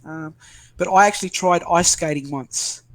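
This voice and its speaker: A man's voice: fairly high pitch, normal speed, a bit bright, no room sound. An older Australian man chatting casually, rambling and self-deprecating with many restarts. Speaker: interviewee. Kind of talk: casual video call chat.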